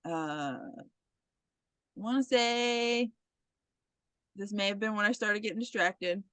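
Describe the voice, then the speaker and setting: A woman's voice: mid-range voice, takes it slowly, clear, resonant tone, no room sound. A woman co-hosting a podcast in casual chat, retelling a horror movie scene by scene and acting out the characters' lines, swearing freely. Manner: animated storyteller who acts out the characters' lines and swears freely. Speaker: podcast co-host.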